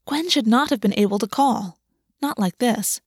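A woman narrating a fantasy novel in an even, measured reading. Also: a little high, no echo, studio quality. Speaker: audiobook narrator.

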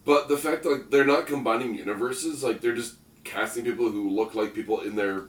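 A man's voice: medium pitch, steady tone, fairly quick. A man co-hosting a casual chat, joking and rambling with lots of "like". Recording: roomy echo, distant mic.

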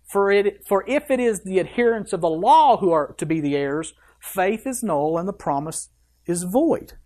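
A pastor preaching a sermon, reading scripture aloud with emphasis and breaking off for quick asides. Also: medium pitch, lively intonation, darkish tone.

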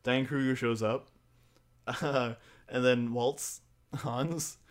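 A man at an ordinary middle pitch, talking loosely with a friend about a film. He laughs often, swears freely and slips into the characters' lines as he retells the scenes. His delivery is relaxed and conversational. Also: takes it slowly. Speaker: podcast co-host recapping a film. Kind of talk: casual chat.

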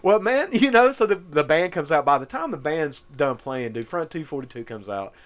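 A man's voice: on the high side, sing-song, moderate pace. A man, co-hosting a podcast and telling a wild story with lots of laughter and swearing. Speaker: podcast co-host. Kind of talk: casual storytelling chat.

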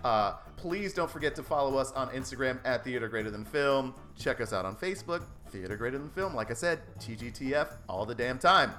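A man hosting a comedy podcast, hoarse from laughing and talking in an upbeat, giggly way. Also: medium pitch, expressive, fairly quick, hardly any pauses, bright, forceful tone, faint music behind. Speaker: podcast host. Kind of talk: casual podcast outro chat.

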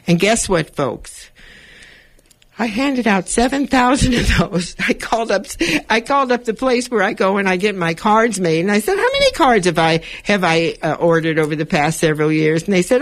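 A woman with a fairly low voice hosts a community radio show, talking at a normal speed from the studio directly to listeners. Animated and chatty, her monologue stays encouraging and self-affirming the whole way through.

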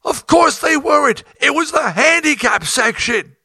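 A man putting on the voice of his exasperated tour manager, shouting in disbelief. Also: very high-pitched, expressive, moderate pace, voice pushed up. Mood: yelling.

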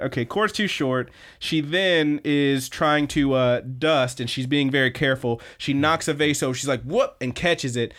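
A man co-hosting a podcast, telling an anime plot in an animated, casual way and swearing freely. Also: mid-range voice, smooth. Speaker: podcast co-host. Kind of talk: casual anime recap chat.

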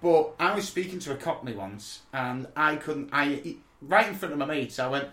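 A man's voice: medium pitch, brisk, a bit bright. A man co-hosting a casual podcast chat, rambling and joking, often correcting himself mid-sentence. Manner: rambling, self-correcting, jokey. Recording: echoey room.

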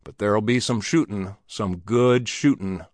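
A man's voice: lowish voice, a little slow, dry recording, clean studio sound, close to an everyday voice. A man voicing grim, curt saloon men in an old Western story.

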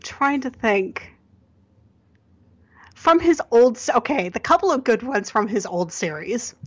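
A woman chatting casually as a podcast guest, laughing often and dropping quick asides. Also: fairly high pitch, big pitch swings. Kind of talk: casual chat.

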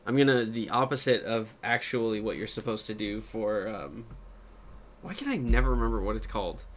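A man's voice: lowish voice, animated, brisk, slight background noise. A man co-hosting a podcast in casual chat, jokey and rambling, who laughs often. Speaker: podcast co-host.

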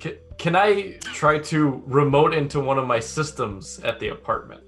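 A man's voice: a little high, lively intonation, normal speed, a bit bright, faint music behind. A man playing a tabletop role-playing game, asking hesitant questions. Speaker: player. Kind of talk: casual tabletop game talk.

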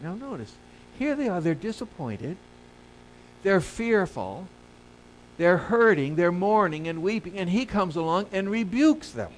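Man preaching with loud emphatic rises. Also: a little hiss or hum, rough recording. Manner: questioning the congregation and answering himself; swings between soft low asides and loud emphatic rises. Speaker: pastor. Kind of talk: sermon.

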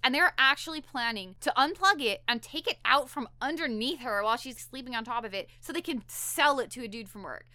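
A woman co-hosting a podcast, recapping a TV episode in animated, talkative chat with lots of "like" and restarts. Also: high voice, a little fast, few pauses, no room sound. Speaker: podcast co-host.

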